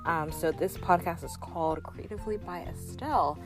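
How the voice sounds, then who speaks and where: Low-voiced young woman hosting a podcast. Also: normal speed, music in the background. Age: young adult. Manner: earnest and encouraging, speaks directly to the listener; loose and talky, with fillers and restarts. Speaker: podcast host. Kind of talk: casual solo podcast chat.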